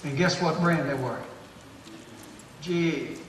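A man's voice: fairly high pitch, slow pace, slight background noise. A man preaching a sermon in an emphatic, folksy way with homespun humor. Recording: echoey room from far off.

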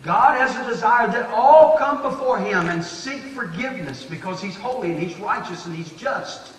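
High-voiced preacher in an echoing hall. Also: male voice, animated, normal speed, a little hiss or hum. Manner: fervent, repetitive, addresses listeners as dear friend. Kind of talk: sermon. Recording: echoey hall, picked up from a distance.

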